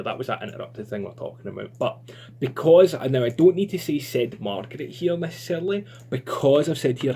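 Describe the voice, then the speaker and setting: A man's voice: medium pitch, a little mellow. Guy teaching a writing class online, loose n chatty, faint hum in the background. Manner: chatty and informal, lots of fillers. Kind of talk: online lesson.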